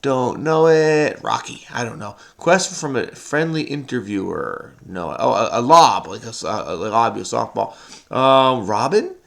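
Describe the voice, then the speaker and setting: This crossword video host talks himself casually through the puzzle, frenetic and muttering, often bursting into song. He speaks unhurriedly in a mid-range, fairly bright voice that's expressive and full of vocal fry.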